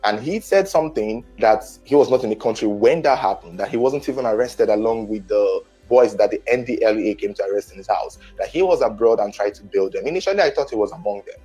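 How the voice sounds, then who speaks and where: A man's voice: lowish voice, expressive, fast, warm tone, slightly rough, faint music behind, rough recording. A man giving casual, analytical commentary in a clip.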